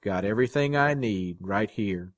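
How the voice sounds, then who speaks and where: A male reader voicing a quiet, firm street musician in an audiobook story. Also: fairly low pitch, normal speed, dry recording, clean studio sound, natural voice. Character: quiet, steady street guitarist man. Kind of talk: audiobook reading.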